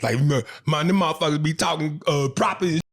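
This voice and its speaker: A man's voice: fairly high pitch, fast. A man from New York City with a New York accent, co-hosting a podcast in casual, profane, emphatic chat with frequent restarts. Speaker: podcast co-host.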